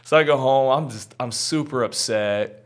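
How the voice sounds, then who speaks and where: A man sharing his life story as a podcast guest, earnest and candid, with a middle-pitched voice. He talks in a loose, chatty way full of fillers and asides. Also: normal speed. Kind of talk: personal testimony storytelling.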